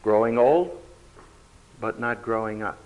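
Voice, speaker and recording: A man's voice: on the low side, a little slow. A man teaching a Bible study, speaking emphatically with a dry humor, on a dull lo-fi recording. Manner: emphatic, animated, dryly humorous.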